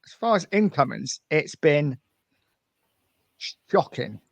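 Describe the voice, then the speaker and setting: A man's voice: fairly high pitch, big pitch swings, takes it slowly, vocal fry, no echo. A middle-aged man hosting a casual football podcast, talking in a friendly way and steering the conversation. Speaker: host.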